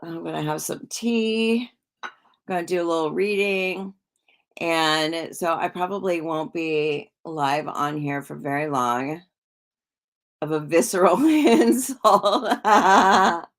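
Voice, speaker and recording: A slow-talking psychic livestream host chats casually and reads viewer comments aloud. Her pitch is fairly low, and she rambles with frequent restarts and soft laughs.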